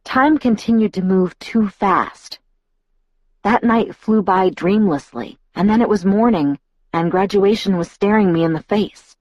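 A woman reading an audiobook aloud in the first person, with an even, wry, reflective delivery. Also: medium pitch, unhurried, dry recording. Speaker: audiobook narrator. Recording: dull lo-fi audiobook recording.

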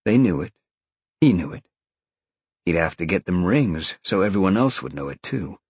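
A man's voice: low-pitched, animated, normal speed, darkish tone, husky, no echo. A man reading a fantasy novel aloud as an audiobook narrator, telling the story expressively. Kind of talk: scripted narration.

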